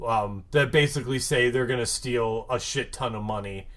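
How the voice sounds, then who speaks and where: A man's voice: mid-range voice, moderate pace, a bit bright. A man hosting a podcast, recapping an episode in a rambling, casual way full of "like" and "um", sometimes getting worked up. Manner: rambling, lots of "like" and "um"; gets worked up and emphatic. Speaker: podcast host.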